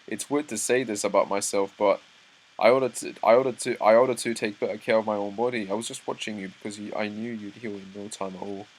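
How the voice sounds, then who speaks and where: A young man reading a comic chapter aloud, breaking off into excited asides and stumbling over words. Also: lowish voice, fast talker, poor audio. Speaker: manga reaction host. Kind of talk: live reaction read-through.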